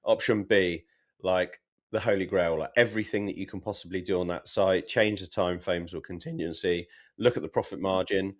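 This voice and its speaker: Low-voiced man talking property business. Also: fairly even intonation, moderate pace. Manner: reflective, explains in long run-on lists. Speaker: podcast co-host, property developer. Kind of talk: casual business podcast chat.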